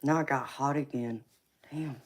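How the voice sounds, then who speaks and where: A woman's voice: very deep voice, steady tone, moderate pace, husky. A woman with a heavy Southern American accent hosting a casual tarot livestream, sassy and teasing, laughing often and calling viewers honey and baby. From Southern United States. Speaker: tarot reader and livestream host.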